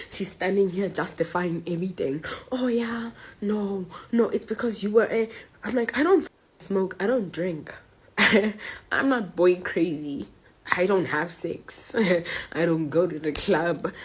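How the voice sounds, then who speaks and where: A woman's voice: on the low side, measured pace, husky. A young woman student from South Africa venting angrily online and confronting her mother directly. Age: young adult. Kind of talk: emotional social media rant.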